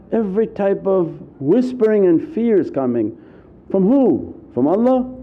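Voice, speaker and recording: A Sufi preacher with a high voice and big pitch swings delivers an earnest, repetitive sermon at an unhurried pace. At times he acts out anxious inner voices, and the recording is muffled and lo-fi.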